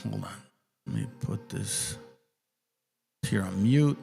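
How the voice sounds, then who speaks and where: A man's voice: fairly low pitch, slow pace, gravelly, faint music behind. A man hosting a podcast in casual chat, talking bluntly and with plenty of swearing. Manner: blunt, profane, animated. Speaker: podcast host.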